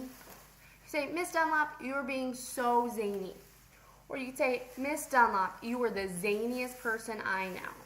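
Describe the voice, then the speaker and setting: Playful teacher woman, bright high voice. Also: echoey room, rough recording. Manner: playful, animated, talks to pretend students. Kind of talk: vocabulary lesson to an imagined class.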